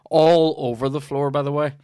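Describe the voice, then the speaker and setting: A man with a Northern Irish accent, hosting a casual comedy podcast and telling a sweary, animated anecdote. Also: on the high side, moderate pace, clear, resonant tone, dry recording, clean studio sound. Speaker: podcast host.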